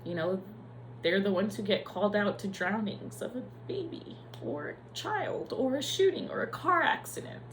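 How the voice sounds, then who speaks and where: A woman's voice: medium pitch, big pitch swings, moderate pace, slight background noise, poor audio. Candid, swearing nurse telling her story. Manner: candid and profane, emotional. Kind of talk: personal confessional vlog.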